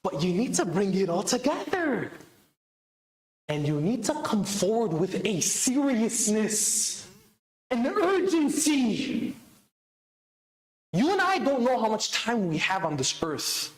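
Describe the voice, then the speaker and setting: A man's voice: sits high, sing-song, slow pace. A man giving a sermon with urgency, asking the crowd questions and answering them himself. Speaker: speaker at a religious celebration. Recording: echoey hall.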